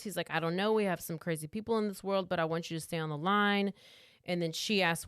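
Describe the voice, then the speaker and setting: Co-hosting a podcast, a woman casually retells a true crime story, acting out quotes and saying "like" a lot. Her lowish voice moves at a normal speed, fairly bright and smooth, in a studio-quality recording without echo.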